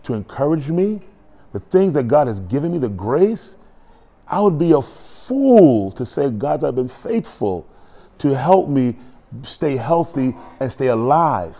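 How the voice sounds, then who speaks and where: A man preaching a sermon in a church, animated and joking, acting out quotes as he goes. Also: mid-range voice, a little slow. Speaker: pastor.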